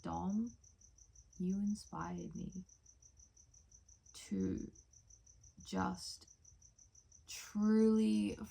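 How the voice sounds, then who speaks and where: A young woman talks straight to her camera in a loose, self-mocking vlog style. Her voice sits in a middle pitch with a gravelly, fry-heavy texture. She fills her speech with "like" and quick asides. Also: mellow. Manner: chatty, self-mocking, lots of "like". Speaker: vlogger. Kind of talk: casual vlog chat.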